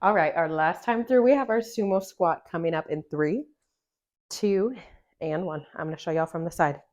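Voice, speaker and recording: This woman is a fitness coach guiding a follow-along workout at home, encouraging her viewers and talking through each exercise while catching her breath. Her voice sits on the low side, slightly mellow, at an ordinary pace.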